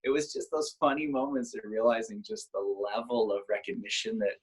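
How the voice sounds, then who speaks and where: A man's voice: medium pitch, fairly quick, slightly rough, poor audio. A Canadian man in his forties, a guest on a video-call interview, telling reflective stories with frequent restarts. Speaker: guest, former Olympic triathlete. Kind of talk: casual conversational interview.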